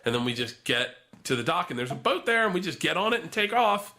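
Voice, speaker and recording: Bright-voiced man rambling through a story. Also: on the high side, very animated, fast. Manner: profane, rambling anecdotes with lots of restarts. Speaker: podcast guest. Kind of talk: storytelling in casual chat.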